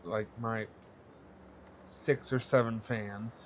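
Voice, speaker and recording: A man's voice: on the low side, fairly even intonation, takes it slowly, a little hiss or hum. A young man casually telling a story on a podcast, blunt and profane, rambling and laughing as he goes. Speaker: podcast co-host.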